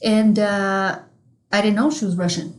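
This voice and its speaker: Speaking unhurriedly, this podcast co-host has a medium-pitched voice and fairly even intonation. She's a woman from Mexico, Spanish her first language, and in casual conversation she tells a meandering, foul-mouthed story punctuated by frequent laughter.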